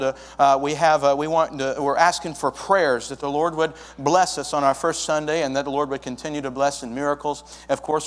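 A young man planting a church, telling his story to a congregation in a folksy way and acting out the dialogue. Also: medium pitch. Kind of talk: testimony to a congregation. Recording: long hall reverb.

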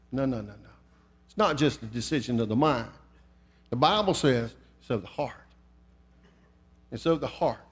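A man's voice: fairly high pitch, normal speed. An older man preaching a sermon, telling a folksy story and reading scripture with rising fervor. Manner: storytelling, rising to fervent emphasis.

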